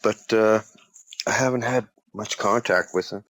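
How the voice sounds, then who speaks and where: A man's voice: on the low side, unhurried, a bit bright, dry recording. A man talking in a casual interview, rambling and chuckling, with many fillers.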